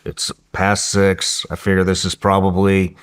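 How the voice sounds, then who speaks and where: A man speaking in a low, clean voice, a touch slow, recounts a story during a podcast interview. His delivery is relaxed, profane, and excitable, with sentences he often starts over.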